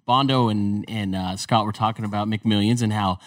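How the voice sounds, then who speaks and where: A man's voice: lowish voice, steady tone, moderate pace, dry recording, studio quality, far from the mic. A man co-hosting a casual chat show, explaining things in a laid-back way. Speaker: podcast co-host.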